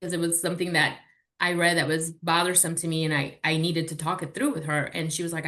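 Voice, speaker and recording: A woman's voice: deep voice, fast talker. A woman in her forties, a podcast guest, candidly and animatedly telling personal stories in casual chat. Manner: candid, animated storytelling with swearing.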